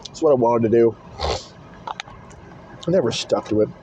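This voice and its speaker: A man's voice: medium pitch, slow pace, dark tone, a little hiss or hum. A man rambling in a casual vlog from inside his car, blunt and swearing constantly, recorded on a phone camera in a car holder. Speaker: vlogger. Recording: dull lo-fi phone audio in car.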